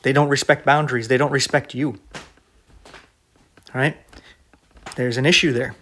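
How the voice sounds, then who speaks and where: A man's voice: mid-range voice, steady tone, unhurried, a bit bright. A man preaching casually to camera in a blunt, argumentative way, often checking in with "right?". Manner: conversational, keeps asking "right?".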